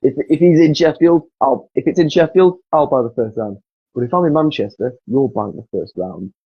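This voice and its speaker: A man's voice: medium pitch, lively intonation, fairly quick, husky, no echo. A man from England telling stories as a podcast guest, casual and swearing freely. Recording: dull dry lo-fi sound.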